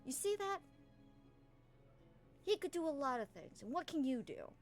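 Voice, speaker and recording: A woman putting on a perky high-voiced gnome girl. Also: very animated, normal speed, faint music behind. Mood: teasing. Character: chatty upbeat female gnome companion.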